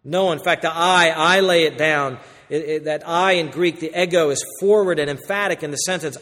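High-voiced man preaching in a reverberant hall. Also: animated, normal speed. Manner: emphatic, swings between loud and quiet. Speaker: pastor. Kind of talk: sermon.

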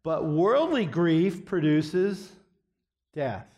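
Middle-aged guy teaching a bible counseling class, kinda high voice, earnest, drops off soft at the end of lines. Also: very animated, extremely slow. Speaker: biblical counseling instructor. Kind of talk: classroom lecture.

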